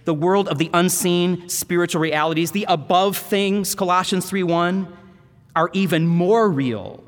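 High-voiced man preaching in an echoing hall. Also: a little slow. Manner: dramatic storytelling, voices the Bible characters. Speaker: seminary professor preaching. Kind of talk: sermon. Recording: long hall reverb.

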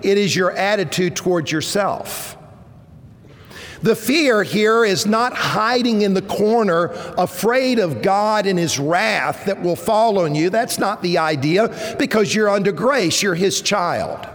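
A man in his fifties preaching a sermon, earnest and measured, his voice swelling at points of emphasis. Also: high-pitched, lively intonation. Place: church sanctuary. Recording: long reverb of a church hall.

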